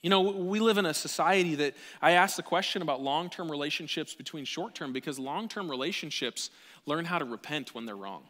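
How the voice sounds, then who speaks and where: Animated high-voiced preacher in a reverberant hall. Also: male voice, fairly quick. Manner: animated preaching, swings from quiet asides to near-shouting. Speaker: pastor. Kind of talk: sermon. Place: church sanctuary.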